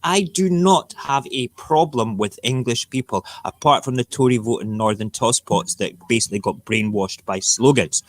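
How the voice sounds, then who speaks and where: A man's voice: medium pitch, lively intonation, normal speed, hardly any pauses, no echo. A man hosting a casual morning talk show, ranting and rambling in an opinionated way. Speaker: radio show host.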